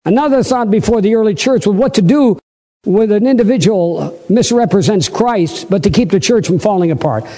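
A man preaching a sermon, acting out the voices in the scripture stories with big swings in pitch. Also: expressive, moderate pace, warm tone. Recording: long hall reverb.

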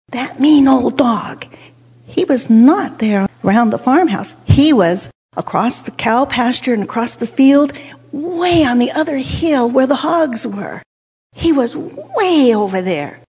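An older woman with a husky, breathy voice, pitched a little high, spins an animated tale, leaning in with hushed whispers at the tense parts. Her voice rings out with a long reverb, as if she is in a church hall. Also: measured pace. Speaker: storyteller. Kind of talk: dramatic storytelling with a lesson.

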